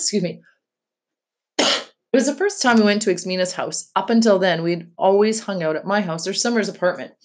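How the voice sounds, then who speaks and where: A woman reading a children's novel aloud, narrating steadily and stopping for short explanatory asides. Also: lowish voice. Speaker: read-aloud host.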